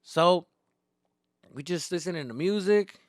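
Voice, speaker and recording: A young man doing stand-up, telling a story in animated, profane bursts with Spanish slang mixed in. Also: high voice, measured pace, no room sound, studio quality. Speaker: stand-up comedian. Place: comedy stage.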